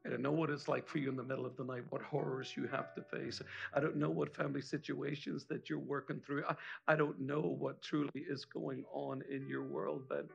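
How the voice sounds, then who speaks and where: A middle-aged man preaching as a guest pastor, telling a personal testimony in an impassioned sermon that moves between hushed moments and loud exhortation. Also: medium pitch, flat delivery, a little fast, creaky, hardly any pauses, highs cut off, faint music behind. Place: church service hall.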